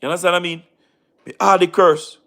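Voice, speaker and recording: In a slightly high, bright and forceful voice, fast with fairly even intonation, a tired Jamaican-accented man talks casually to his live-stream audience. He uses patois, repeats himself for emphasis and calls out viewers by name.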